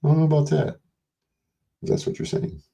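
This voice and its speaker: A man's voice: a little high, monotone, fairly quick, vocal fry, dark tone. An older man hosting a livestream, rambling casually and profanely while reading and answering chat messages. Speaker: livestream host.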